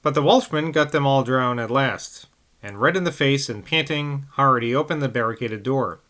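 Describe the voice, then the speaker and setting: A man's voice: mid-range voice, moderate pace, a bit bright. A man reading a novel aloud, carefully, with occasional slips and restarts. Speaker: audiobook reader.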